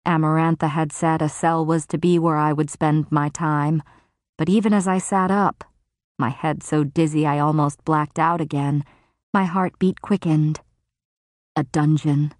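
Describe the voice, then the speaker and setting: Audiobook narrator, woman, low register, measured grave delivery, dry close-miked booth. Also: fairly even intonation, darkish tone, dry recording. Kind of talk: first-person fantasy novel narration.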